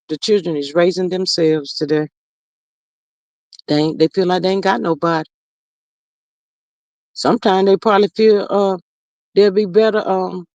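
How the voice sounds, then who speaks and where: Through a streaming microphone, a live-stream host with a lowish, darkish voice reads viewer comments aloud, sighing folksily and calling people "child" and "y'all." The audio is dry, dull and lo-fi, without room sound.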